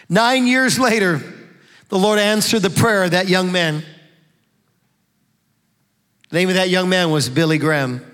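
A middle-aged man preaching a fervent sermon in a church, building to shouts. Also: high voice. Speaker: pastor. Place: church sanctuary. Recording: long reverb of a large hall.

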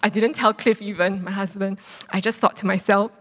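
A woman in her thirties preaching, telling a personal story with lively acted-out quotes. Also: medium pitch, brisk, slight background noise. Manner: animated storytelling, acts out quotes. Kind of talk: sermon testimony. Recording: long hall reverb.

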